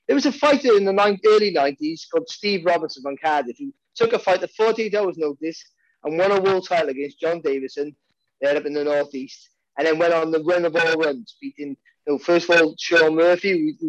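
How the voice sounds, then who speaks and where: Rambling through casual podcast talk, the Welsh boxing commentator frequently restarts and repeats words. His voice is on the high side and a little fast, and the recording is dry and lo-fi.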